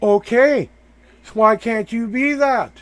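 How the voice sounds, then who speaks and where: A man's voice: extremely high pitch, slow, a bit bright. A man hosting a live tarot reading, coaching the person he reads for with emphatic, repeated affirmations.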